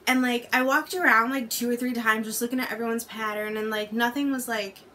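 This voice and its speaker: A woman's voice: a little high, steady tone, brisk, bright, forceful tone, slight background noise. A young woman fresh out of college, a podcast guest, chatting casually and hesitantly with many fillers. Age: young adult. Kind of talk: casual chat.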